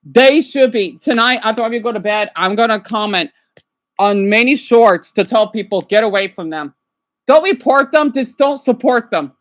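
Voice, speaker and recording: A woman ranting on a casual livestream. She is agitated, swinging between angry outbursts and hushed apologies. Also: a little high, normal speed.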